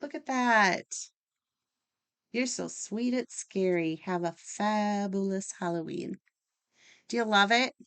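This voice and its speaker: A woman's voice: mid-range voice, slow, long pauses, fairly bright tone, clear, resonant tone. A woman hosting a casual card-making tutorial, chatty and enthusiastic as she works. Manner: chatty, enthusiastic, talks while working. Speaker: craft channel host.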